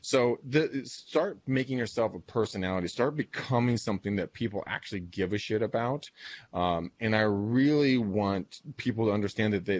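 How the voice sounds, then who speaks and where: A man's voice: lowish voice, normal speed. A man guesting on a podcast, talking bluntly and rambling, with plenty of swearing, on a dull lo-fi recording. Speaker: guest, marketing expert. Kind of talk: casual podcast chat.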